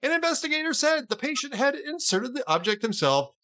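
A man's voice: very high voice, sing-song, brisk, bright, forceful tone. A man hosting a podcast in casual chat, telling jokes and chuckling as he reads. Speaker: podcast host.

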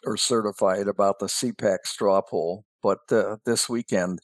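A man who is a regular guest on a radio talk show, speaking casually in a halting way with many fillers. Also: lowish voice, fairly even intonation, dry recording.

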